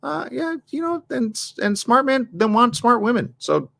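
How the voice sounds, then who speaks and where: Male talk show host, lively pitch, bright tone, casual advice monologue. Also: normal speed, creaky, no room sound, studio quality. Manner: animated, acts out both sides of arguments; addresses the ladies in the audience directly.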